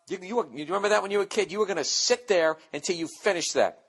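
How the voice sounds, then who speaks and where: A man's voice: high voice, rapid-fire. A man in his forties hosting a podcast, rambling through a casual comedic monologue with profane, sarcastic rants. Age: 40s. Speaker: podcast host.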